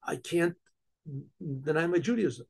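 A man plays a humble woodcutter who stammers and pleads in a husky, gravelly voice. His pitch sits high and strained. A devout everyman from a spoken folk tale. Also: lively intonation, a little slow, a little mellow, exaggerated voice. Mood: pleading. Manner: stammering and pleading, then crying out in defiance.

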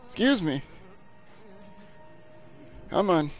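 A man's voice: high-pitched, big pitch swings, very slow, soft background music, poor audio. A young man streaming a video game, rambling casually, joking and swearing freely. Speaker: gaming streamer. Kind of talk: casual live-stream commentary.

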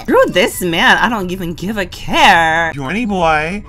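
A young woman playing a life-simulation game and commenting in a campy, slang-heavy, dramatic way, with squealing high notes. She speaks into a desk condenser microphone. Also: big pitch swings, normal speed, few pauses, background noise. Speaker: gaming YouTuber. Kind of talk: Sims gameplay commentary.

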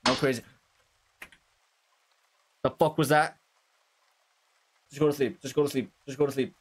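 A man doing let's-play commentary on a horror game, cursing constantly and shouting at the characters on screen. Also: mid-range voice, fairly even intonation, moderate pace, slight background noise. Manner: profane, loud outbursts, talks to game characters. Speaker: gaming streamer.

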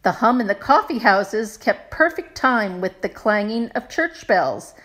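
A woman narrating a children's picture book with expressive storytelling. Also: medium pitch, unhurried. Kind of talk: storybook read-aloud.

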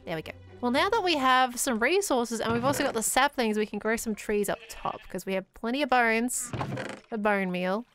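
A woman's voice: on the high side, moderate pace, a bit bright. A woman giving casual gameplay commentary in a bubbly manner, cooing baby talk at animals. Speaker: gameplay host. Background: background music.

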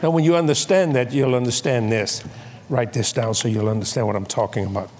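An older man preaching a sermon, telling comic stories and acting out voices with shouts and laughs. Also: medium pitch, fairly quick. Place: large convention hall.

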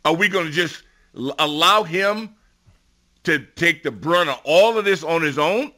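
A middle-aged man talks football as a radio guest, pressing his points and rising into loud emphatic bursts. His voice is bright and forceful and sits a little high for a man. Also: animated, measured pace. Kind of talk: sports radio talk.

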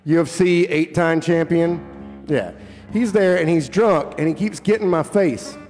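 A singer-songwriter with a somewhat high, darkish voice talks at a normal pace, casually bantering and joking with a live audience between songs and swearing freely. The concert venue's hall reverb surrounds him, with a guitar faintly audible.

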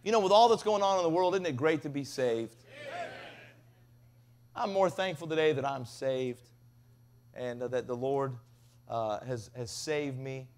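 A man preaching a revival sermon, telling stories with big swings from loud to hushed. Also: mid-range voice, unhurried, long pauses. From Tennessee. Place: revival tent.

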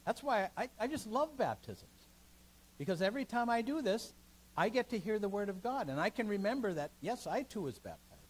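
A man's voice: high-pitched, a little fast, husky, poor audio. A man, a pastor, leading a seminar in a church meeting room, teaching emphatically and taking questions. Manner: emphatic, animated teaching that takes listeners' questions.

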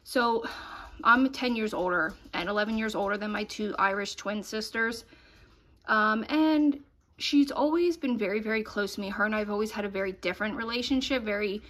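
A woman's voice: mid-range voice, normal speed, a bit bright. Chatty woman giving a cozy home tour. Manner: chatty, affectionate, lots of fillers. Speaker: vlogger. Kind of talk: casual home decor tour vlog. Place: her home, indoors.

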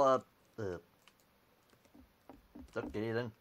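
With a voice on the low side, a gameplay video maker unhurriedly narrates a computer game at his desk mic, pausing often. He keeps his remarks casual and dry, reads the screen text out, and says "alrighty" repeatedly.

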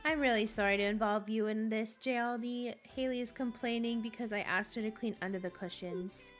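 A woman's voice: a little high, fairly even intonation, brisk, faint music behind, lightly acted. A woman voicing a fed-up young woman who scolds her sister over the housework. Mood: indignant. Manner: indignant, scolding.

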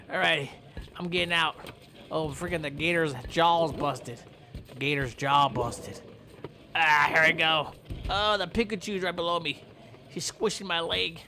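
A man giving loud, goofy commentary while he plays a video game, taunting and yelling at in-game animals. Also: on the high side, fairly even intonation, a little slow, noisy background. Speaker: gameplay commentator.

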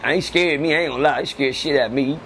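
A man telling stories from prison in a casual interview, animated and profane, often repeating words. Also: on the high side, very fast. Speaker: interview guest. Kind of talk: casual storytelling. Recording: noisy background.

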